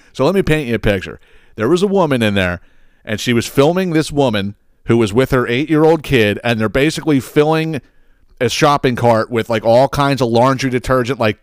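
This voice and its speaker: A man's voice: medium pitch, smooth, no echo, clean studio sound. A man hosting a podcast, ranting about viral clips in a sarcastic, blunt and profane way. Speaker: podcast host.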